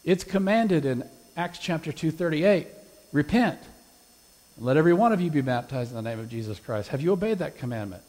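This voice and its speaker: A man's voice: on the high side, lively intonation, a little fast, darkish tone. Emphatic male preacher in a reverberant hall. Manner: emphatic, rising on scripture quotes. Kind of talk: sermon with altar invitation.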